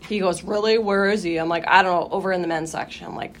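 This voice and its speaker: A young woman co-hosting a podcast, telling a story in casual chat, animated, swearing freely and acting out her own reactions. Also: lowish voice, quick pace, a little hiss or hum. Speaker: podcast co-host.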